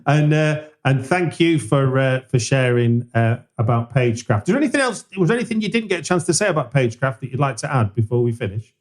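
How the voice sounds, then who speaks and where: A man's voice: mid-range voice, expressive, quick pace, few pauses. A man hosting a podcast, asking hesitant questions and reading a sign-off. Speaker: podcast host. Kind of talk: interview and podcast outro.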